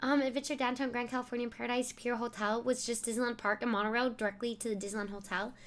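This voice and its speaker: A woman's voice: a little high, flat delivery, quick pace, a bit bright. A young woman streaming live, laughing often as she exclaims and thanks her viewers.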